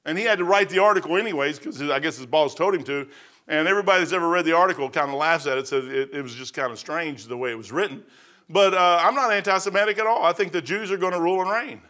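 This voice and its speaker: A man's voice: fairly high pitch, quick pace, bright, forceful tone. A middle-aged man preaching a sermon in a folksy, repetitive way that rises to fervent emphasis.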